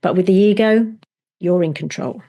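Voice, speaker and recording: A woman's voice: fairly low pitch, moderate pace, mellow. A middle-aged woman coach, a podcast guest, telling stories with enthusiasm and acting out little inner voices. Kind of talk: conversational interview.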